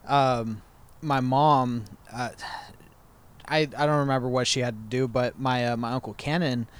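A man telling stories in a relaxed podcast chat. He swears casually and laughs often. His voice sits at a middle pitch. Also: measured pace, long pauses, clear, resonant tone. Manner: laid-back, profane, laughs often.

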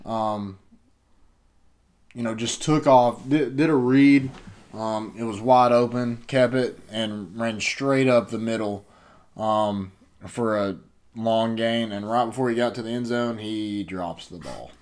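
A man's voice: fairly low pitch, slow pace, a little mellow. Laid-back young male podcast co-host. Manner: laid-back, agreeable, many fillers. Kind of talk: casual sports chat.

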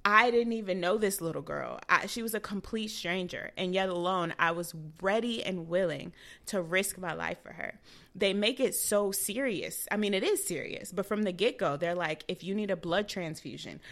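A woman's voice: medium pitch, moderate pace. A young woman co-hosting a podcast, telling a personal story in casual chat and acting out the people she quotes. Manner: animated, acts out quoted dialogue. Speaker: podcast co-host.

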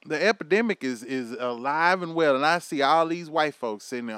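A man with a high, smooth, resonant voice rants with heavy profanity and big swings in energy. The sound is dry and close, with no room around it. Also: fairly quick, few pauses, dry recording. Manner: loud, profane, animated ranting with laughs. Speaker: commentary vlogger. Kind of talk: profane rant to camera.

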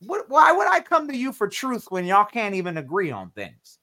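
A man hosting a podcast, his voice sitting a little higher than most men's. He talks in an animated, preachy way and keeps acting out little quotes. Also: normal speed. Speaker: podcast host. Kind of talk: casual chat.

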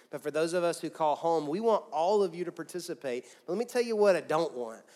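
A man preaching a sermon as pastor, swinging from loud, pressing emphasis down to quiet, soft lines. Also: on the high side. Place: church auditorium with a congregation.

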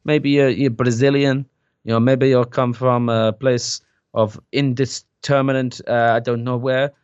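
A man's voice: medium pitch, level tone, a little slow, a little mellow, clean tone, no room sound. A man co-hosting a comedic call-in advice show, joking around. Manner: jokey, puts on silly voices and mock-romantic lines. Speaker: co-host. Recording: dull lo-fi sound.

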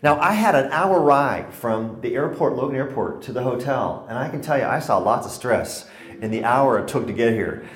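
A man's voice: medium pitch, normal speed, echoey room. A man from Connecticut giving a humorous public lecture on stress, telling stories and jokes to a laughing audience. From Connecticut, USA. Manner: joking, animated storytelling with audience laughter. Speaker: speaker giving a talk on stress.

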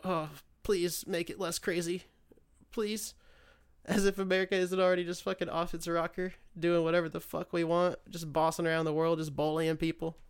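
A man's voice: a little high, clear, resonant tone. Sarcastic, rambling podcast host man. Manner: loses his train of thought, restarts often. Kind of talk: casual solo political rant.

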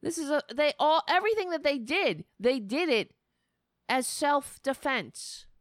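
A woman's voice: sits high, expressive, a little slow, dry recording, clean studio sound. A woman hosting a political talk show, ranting with sarcastic, indignant anger and frequent swearing. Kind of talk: angry political commentary.

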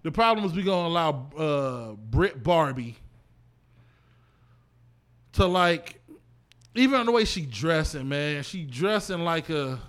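A man's voice: fairly high pitch, lively intonation, slow, pauses often, fairly bright tone. A man hosting a podcast, talking in a laid-back, rambling way with lots of slang. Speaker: podcast host. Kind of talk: casual podcast chat.

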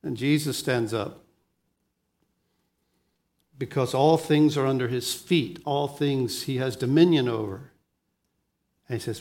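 A man preaching a sermon as pastor, swinging between soft, low lines and loud, lively ones, often restarting his words. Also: slow, long pauses.

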